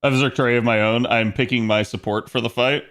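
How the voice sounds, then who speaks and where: Speaking fast at medium pitch, a streamer keeps a steady, fairly bright tone as he plays. He casually chats with his viewers throughout, laughing frequently.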